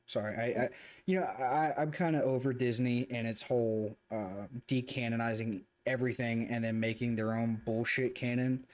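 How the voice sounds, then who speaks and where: A man co-hosting a casual review chat, talking in a rambling, profane, animated way. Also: mid-range voice, normal speed. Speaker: co-host reviewing a show.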